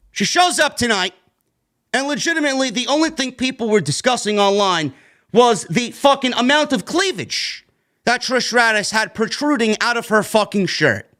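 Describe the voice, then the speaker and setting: A man with a New York accent rants in a high, sharply bright voice that leaps all over the place. He reviews a wrestling show combatively and profanely, tossing in sarcastic jabs.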